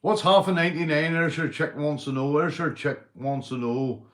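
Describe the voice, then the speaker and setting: A Northern Irish man hosting a livestream, telling crude jokes, swearing and shouting out viewers. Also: on the high side, normal speed. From Northern Ireland. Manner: rowdy, swearing, joke-telling, reading viewer comments. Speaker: livestream host. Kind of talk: casual livestream chat.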